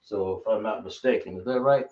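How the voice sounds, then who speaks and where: A man teaching a class live, explaining slowly and repeating himself as he checks that everyone follows. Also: fairly low pitch, darkish tone. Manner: slow, repetitive explaining, checking the class often. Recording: echoey room, dull lo-fi sound.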